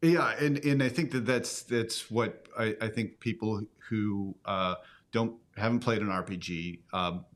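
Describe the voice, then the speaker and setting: A man with a fairly low voice hosts a casual commentary. He muses at length in a reflective, thoughtful way. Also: a little slow. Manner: reflective, musing. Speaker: host.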